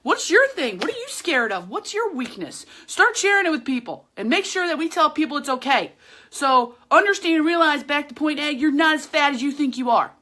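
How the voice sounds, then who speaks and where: High, bright-voiced woman podcast host. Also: animated, a little fast. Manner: chatty, emphatic, slangy pep talk. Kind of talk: casual motivational monologue. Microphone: camera, speaking to viewers.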